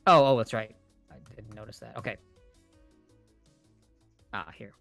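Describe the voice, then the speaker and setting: A man coding on a livestream, chatting casually and thinking aloud, quick to laugh. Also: mid-range voice, gravelly, a bit bright, faint music behind. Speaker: co-host writing the code on a livestream. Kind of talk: casual chat while coding.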